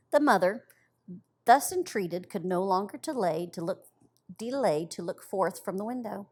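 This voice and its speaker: Woman storyteller reading aloud, gentle and expressive, middle pitch. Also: moderate pace. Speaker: library storyteller.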